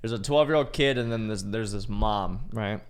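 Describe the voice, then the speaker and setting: A young male podcast co-host tells a long story at normal speed, loose, profane, and rambling, peppered with "like"s. His smooth, clear voice sits a little low, and his talk is casual and unpolished.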